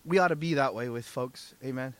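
A man's voice: mid-range voice, brisk, fairly bright tone. A man preaching a sermon as pastor, emphatic, often asking the congregation "right?" and "amen?".

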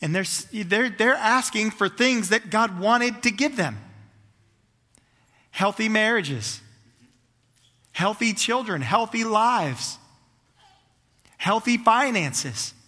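A male pastor preaching with a high, bright, forceful voice. He stacks clause on clause in fervent, building runs. His voice rings with the long reverb of a large hall. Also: lively intonation, slow pace, pauses often. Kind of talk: sermon.

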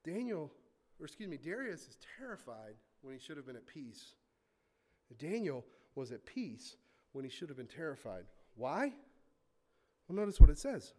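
A man with a high voice preaches a sermon with lively, animated delivery. He reads scripture aloud and then breaks into casual asides. His volume swings from forceful emphasis down to quiet, hushed remarks. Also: normal speed. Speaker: pastor.

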